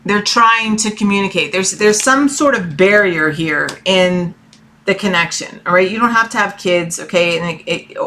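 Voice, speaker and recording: A woman reads tarot cards for her viewers in a loose, rambling chat, often pausing to check in with a quick "okay?". Her voice is bright and forceful, and she speaks from her own room. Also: mid-range voice. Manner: chatty, rambling, keeps asking okay. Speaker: tarot reader. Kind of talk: casual tarot reading to viewers.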